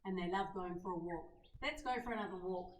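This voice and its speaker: A woman leading a children's yoga lesson in a gentle, coaxing way, asking the kids questions as she guides them. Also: on the low side, quick pace, a little hiss or hum. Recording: roomy sound from a distant mic.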